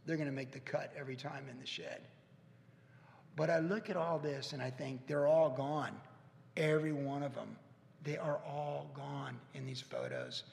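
A man in his fifties preaching a heartfelt, storytelling sermon, his voice gravelly and a little higher than most. He talks with sincere pauses and restarts. The sound carries the long echo of a church hall. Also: steady tone. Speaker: pastor. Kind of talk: conversational sermon. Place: church sanctuary.

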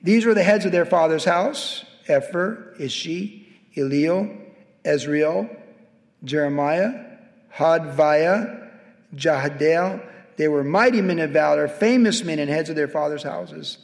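A middle-aged pastor with a somewhat high voice takes his time, preaching a conversational sermon that grows into emphatic exhortation. The setting is a church sanctuary, recorded with a long hall reverb.

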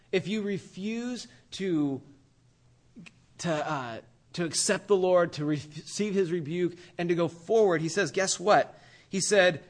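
A male preacher giving a casual, slangy sermon, animated and acting out characters as he goes. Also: a little high, husky.

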